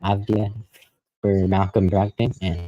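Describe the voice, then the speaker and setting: A young man talks loosely on a live stream, hedging and correcting himself as he goes. His voice sits low and sounds very dark and mellow. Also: flat delivery, normal speed, highs cut off. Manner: rambling, hesitant, lots of fillers and self-corrections. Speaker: livestream host. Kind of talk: casual live reaction commentary.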